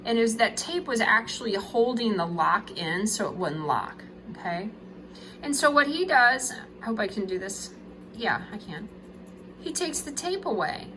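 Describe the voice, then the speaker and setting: A woman's voice: fairly high pitch, animated, normal speed, slight background noise, low-quality recording. A woman teacher giving a casual video lesson with her own drawings. She is chatty and jokey and keeps checking in with "okay?".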